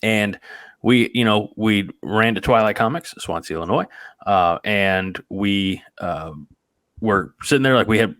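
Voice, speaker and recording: A man with a fairly low voice, chatting casually as a podcast host. He tells everyday stories at a loose, rambling pace. The sound is dry and close to the mic. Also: a little slow, a bit bright, no echo. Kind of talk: casual chat.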